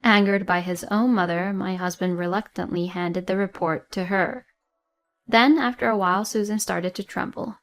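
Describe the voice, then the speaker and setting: A woman's voice: mid-range voice, steady tone, moderate pace, faint music behind. A woman narrating a personal story plainly, in a matter-of-fact way.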